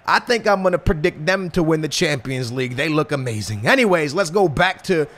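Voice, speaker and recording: A young man giving slangy, excitable commentary over a football video game, swinging between hype and grumbling. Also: a little high, brisk. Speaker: gaming YouTuber. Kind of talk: gameplay commentary.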